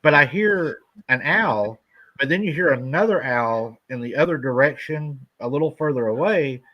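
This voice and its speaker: A man's voice: medium pitch, animated, normal speed, muffled recording. A man hosting a live stream, talking in a rambling, laid-back way about his own experiences. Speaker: host. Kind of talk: casual chat.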